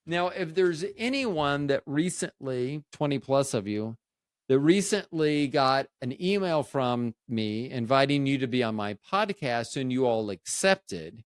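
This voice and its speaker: A man's voice: medium pitch, animated, measured pace, smooth, dry recording, clean studio sound. A man hosting a casual solo podcast, telling a rambling, jokey story and often cutting himself off to restart. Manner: rambling, jokey, self-interrupting with "anywho, anyhow, anyway". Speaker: podcast host.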